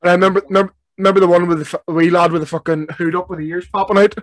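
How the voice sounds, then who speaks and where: A man's voice: high voice, fairly even intonation, rapid-fire, no room sound. A young man, chatting loosely and laughing as he recalls clips. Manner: laughs a lot, rambling. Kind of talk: casual chat.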